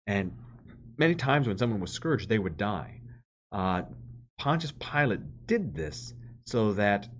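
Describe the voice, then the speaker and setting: A man's voice: lowish voice, highs cut off. A man, a priest, reading scripture aloud and then explaining it in plain words with the odd filler. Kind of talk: Bible reading with commentary.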